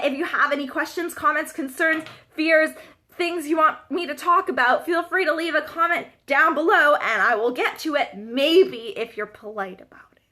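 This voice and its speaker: A woman's voice: sits high, bright, forceful tone. A Canadian woman in her twenties, chatting casually and self-deprecatingly to viewers of her live-stream vlog. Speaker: vlogger.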